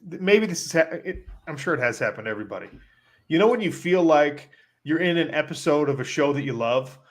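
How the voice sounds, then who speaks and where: A man co-hosting a podcast, telling a story in a casual, animated way and leaning on "like" as he talks. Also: on the high side, fast talker. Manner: animated storyteller, heavy use of "like". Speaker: podcast co-host.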